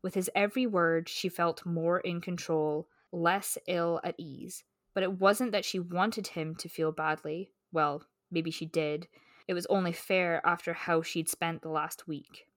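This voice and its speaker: A woman's voice: fairly low pitch, fairly even intonation, measured pace, no room sound, clean studio sound. A woman co-hosting a book podcast, chatting casually with lots of "like" and "um" and reading romance passages aloud. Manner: chatty, lots of "like" and "um", reads prose smoothly.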